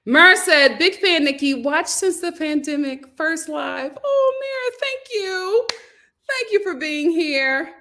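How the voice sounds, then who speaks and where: A woman's voice: extremely high pitch, animated, slow, bright, forceful tone. A woman hosting a casual livestream, reading viewer comments aloud and laughing often as she answers them. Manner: laughs often, talks back to chat. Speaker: host reading live chat.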